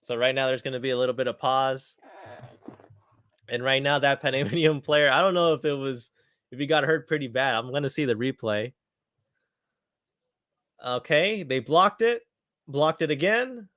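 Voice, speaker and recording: A man's voice: medium pitch, moderate pace, pauses often, a bit bright, no room sound, studio quality. A man hosting a live football watchalong, reacting eagerly and chatting casually, often repeating his phrases. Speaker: watchalong host. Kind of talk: live match commentary watchalong.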